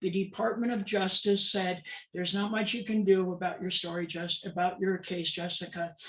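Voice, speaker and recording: A woman advocate giving a talk about her life, telling her story dramatically and acting out the voices of the people she quotes. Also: on the low side. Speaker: transgender advocate and speaker. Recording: roomy, distant mic.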